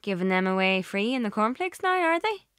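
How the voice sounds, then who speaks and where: A woman voicing a guarded, sharp-tongued young woman who answers with dry, cutting retorts. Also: mid-range voice, sing-song, a little fast, smooth, dry recording, pitched above the performer's own voice. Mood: sarcastic.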